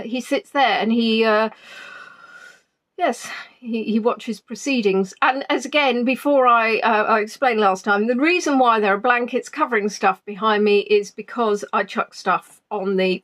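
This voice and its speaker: An Englishwoman with a somewhat high voice chats away cheerfully from a spare room at home, greeting viewers one by one. Her talk is loose and jolly, full of little ums, as on a home live stream. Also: fairly bright tone. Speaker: online tour guide. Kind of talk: casual pre-tour chat on a live stream.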